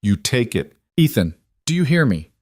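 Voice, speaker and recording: A man's voice: mid-range voice, sing-song, moderate pace, darkish tone, no echo, studio quality. A man voicing a blunt, commanding older grandmother who insists on her points and repeats them. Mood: forceful.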